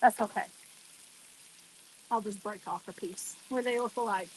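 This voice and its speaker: A woman with a fairly high voice chats casually while she cooks outdoors on a deck. She talks straight to her viewers and exclaims freely as she works. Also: expressive, moderate pace, bright, forceful tone. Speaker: cooking vlogger. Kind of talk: casual chat while cooking.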